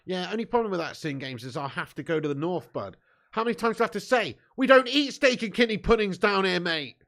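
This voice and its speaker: Fast-talking and animated, this man has a high voice with a fairly bright tone. During his live football watch-along he chats with viewers, full of laddish swearing and frequent laughter, alongside match commentary.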